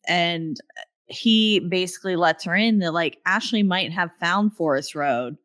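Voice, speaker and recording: A woman's voice: fairly low pitch, a little slow, a bit bright, no echo, studio quality. A woman co-hosting a podcast, casually recapping a horror film plot with fillers and little acted-out lines. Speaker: podcast co-host.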